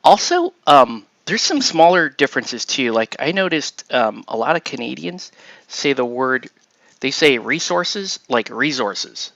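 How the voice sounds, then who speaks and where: A man's voice: medium pitch, sing-song, unhurried, creaky, fairly bright tone, no room sound, muffled recording. A man hosting a casual chat while assembling miniatures, rambling and chuckling as he trails off and restarts. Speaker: host.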